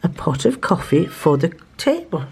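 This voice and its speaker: Chatty older woman with a lively voice. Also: normal speed, slight background noise. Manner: chatty, laughing often, coos to her cat in a high voice. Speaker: vlogger. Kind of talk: casual home vlog chat.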